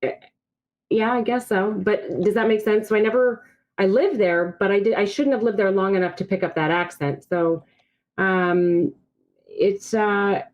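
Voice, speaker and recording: A woman's voice: mid-range voice, measured pace, darkish tone, muffled recording. A woman from Brazil, a native Portuguese speaker, speaking as a podcast guest over a video call and telling her personal story in a candid, reflective way. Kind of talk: casual podcast conversation.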